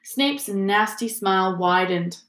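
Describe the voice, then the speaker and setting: A woman's voice: mid-range voice, takes it slowly, a bit bright. Woman reading an audiobook, echoey room. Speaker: audiobook reader. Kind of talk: audiobook narration. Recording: roomy echo.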